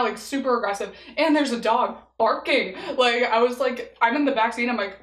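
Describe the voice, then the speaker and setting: A woman's voice: a little high, animated, moderate pace, fairly bright tone, echoey room, poor audio. A young woman telling a story in a casual vlog while eating, chatty and laughing often, leaning on "like" as filler. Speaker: vlogger.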